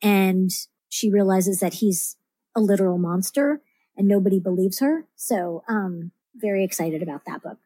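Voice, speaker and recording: A woman's voice: mid-range voice, moderate pace, mellow, breathy edge, no room sound. A woman talking as a podcast guest about her writing, rambling with lots of fillers and restarts. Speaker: guest, comics writer. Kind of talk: casual podcast interview.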